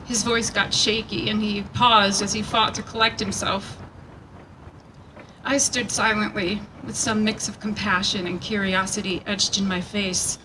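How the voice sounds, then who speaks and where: A woman reading a prepared speech at a rally, earnest and measured, picked up from a distance outdoors. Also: mid-range voice, flat delivery. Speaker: rally speaker. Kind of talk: prepared speech read aloud. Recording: distant mic with background noise.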